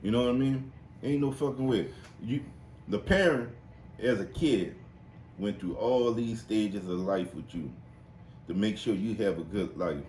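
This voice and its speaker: A man hosting a podcast, telling stories in an animated, profane, casual way and putting on high voices for the people in them. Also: a little slow. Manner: animated, profane storytelling with high-pitched impressions. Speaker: podcast host. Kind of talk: casual storytelling chat. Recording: roomy echo, faint noise.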